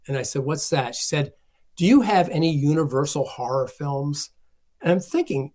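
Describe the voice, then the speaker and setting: A man's voice: on the high side, normal speed, darkish tone. A man, a film collector being interviewed, telling stories and acting out the voices of the people he quotes. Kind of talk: conversational storytelling.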